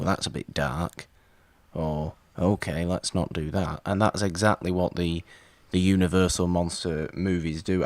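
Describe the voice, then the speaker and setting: A man's voice: sits low, darkish tone, no echo. A man co-hosting a casual movie podcast, teasing his friend in a dry way. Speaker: podcast co-host.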